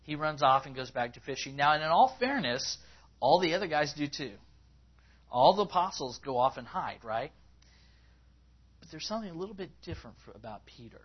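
A man preaching a conversational sermon to a congregation, acting out people's words in a higher voice as he quotes them. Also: animated, brisk, slightly rough. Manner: conversational, rising in pitch when acting out quotes. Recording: slightly dull, lo-fi recording.

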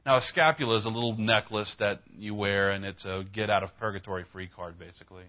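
Low-voiced male pastor preaching. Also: steady tone, quick pace, few pauses, highs cut off. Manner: conversational, retells dialogue with rising emphasis. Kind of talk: sermon with a storytelling anecdote.

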